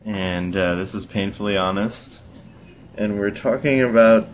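A man's voice: lowish voice, measured pace, slight background noise. A man co-hosting a podcast, telling a work story in a laid-back casual chat with lots of fillers. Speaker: podcast co-host.

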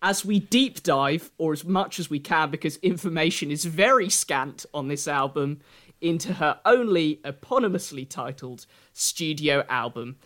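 A man co-hosting a podcast, walking through researched notes with wry, deadpan asides. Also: on the high side, normal speed. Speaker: podcast co-host. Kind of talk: casual chat.

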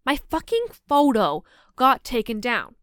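A woman's voice: on the high side, very animated, measured pace, a bit bright, no room sound, clean studio sound. A woman in her twenties hosting a casual solo podcast, telling stories bluntly with plenty of swearing and frequent laughs. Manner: blunt, profane and laughing often. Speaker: podcast host.

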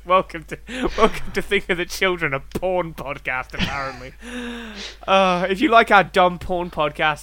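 British guy on a comedy podcast, bright forceful voice, laughs and swears a lot. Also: a little high, clear, resonant tone. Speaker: podcast co-host. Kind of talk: casual comedic podcast banter.

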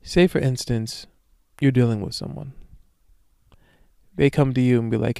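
A man's voice: mid-range voice, a little slow, gravelly, pauses often, warm tone, clean tone, no room sound, clean studio sound. A young man hosting a solo podcast, talking casually and profanely in slang, rambling through stories and often asking "you know what I'm saying". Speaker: podcast host.

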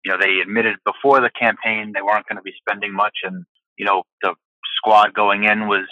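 A man's voice: fairly low pitch, level tone, a little fast, sharp tone, no echo, muffled recording. A man talking as a podcast guest in casual chat, explaining at length with lots of fillers. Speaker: podcast guest, football fan.

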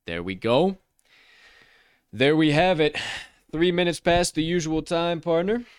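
A man's voice: fairly high pitch, lively intonation, a little slow, clear, resonant tone, no room sound. Laid-back man reading football picks. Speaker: co-host of a football betting podcast. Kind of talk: casual sports podcast chat.

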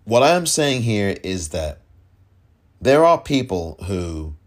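Male podcast host, low voice, lively emphatic delivery, exasperated commentary. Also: slow. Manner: emphatic, exasperated, repeats points for stress. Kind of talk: solo political commentary.

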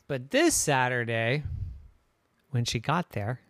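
A man telling an improvised bedtime story, slow, playful and animated. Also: mid-range voice, clear, resonant tone, no room sound, clean studio sound.

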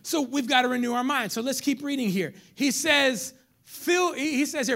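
A middle-aged pastor preaches a sermon in an extremely high voice at normal speed with few pauses. He swings between loud calls to the congregation and near whispers, using casual street slang.

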